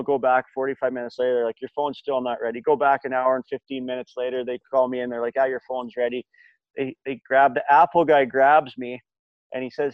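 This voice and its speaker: A man's voice: mid-range voice, no echo, lo-fi sound. A middle-aged man, a former hockey player, telling stories in a casual chat, rambling with many fillers and restarts. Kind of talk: casual storytelling.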